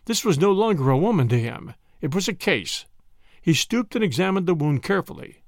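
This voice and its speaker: Man, story narrator, expressive dramatic reading, lively pitch, dry close sound. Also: a little fast, creaky, no echo.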